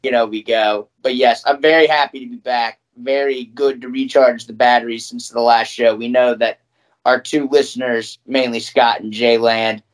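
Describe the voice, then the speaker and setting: A man's voice: mid-range voice, moderate pace. A young man co-hosting a podcast, ranting with frequent swearing in casual chat. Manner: ranting, profane, animated. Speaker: podcast co-host.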